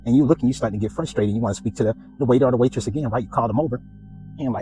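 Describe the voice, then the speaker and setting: A man's voice: mid-range voice, very fast, faint music behind, rough recording. A man hosting a casual spiritual reflection, telling a story and acting out the voices in it. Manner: animated storytelling, acts out dialogue. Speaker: podcast host.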